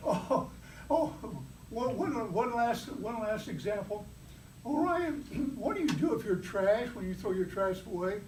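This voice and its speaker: A man's voice: extremely high pitch, lively intonation, a little slow. A man giving a humorous prepared speech at a club meeting, playfully teasing the audience with mock examples. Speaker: club speaker. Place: meeting room. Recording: roomy, from far off, faint background noise.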